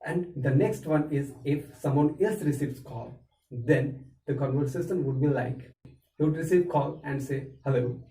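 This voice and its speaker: A man teaching an English lesson, explaining phrases and repeating them slowly for learners. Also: a little high, warm tone. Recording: echoey room, mic far off.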